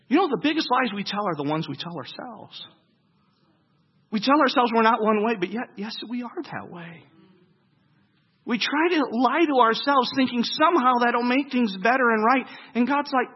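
Husky male preacher, high voice, dynamic sermon, loud then hushed, dull lo-fi recording. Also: expressive, moderate pace. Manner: dynamic delivery, swinging between loud emphasis and hushed low lines; asks the congregation questions and answers them.

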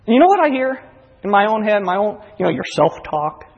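A man's voice: high-pitched, sing-song, a little fast, in a large hall, muffled recording. A male pastor preaching a sermon in a church, earnest and confessional, often acting out inner voices. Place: church sanctuary.

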